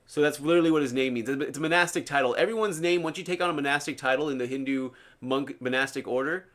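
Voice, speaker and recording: A man's voice: fairly high pitch, quick pace, a bit bright. A man live-streaming, talking casually and earnestly, preaching about a book he reads to his viewers.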